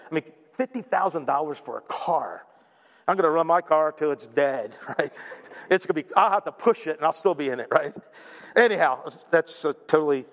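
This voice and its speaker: A man's voice: high voice, fairly bright tone, long reverb tail. A man preaching a sermon, joking and poking fun at himself between points. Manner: joking, self-deprecating asides. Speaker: pastor.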